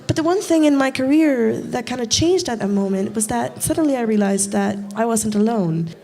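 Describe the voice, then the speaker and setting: A woman's voice: on the high side, expressive, a little fast, warm tone. Candid, swearing woman on stage. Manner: candid, self-mocking, swears freely, acts out quotes. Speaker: artist giving a stage talk. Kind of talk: informal inspirational talk on stage. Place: event stage before a live audience.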